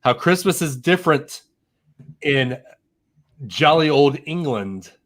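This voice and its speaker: Man, podcast co-host, casual chat, bright voice, stammering restarts. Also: on the high side, animated, slow. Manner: jokey, stammering restarts, sings silly bits.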